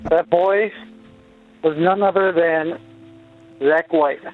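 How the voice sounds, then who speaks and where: A man's voice: on the high side, steady tone, slow pace, faint music behind. A male caller on a comedy show, talking hesitantly with lots of fillers and restarts. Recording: tinny phone line.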